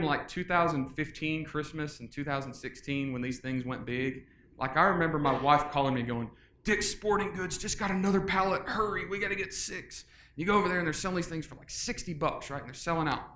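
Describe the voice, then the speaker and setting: A middle-aged man gives an upbeat, casual conference talk and jokes with his listeners. His voice sits a little high. The sound carries the echo of a large room. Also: a little hiss or hum. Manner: energetic, casual, joking with the audience. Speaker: conference speaker. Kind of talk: live presentation.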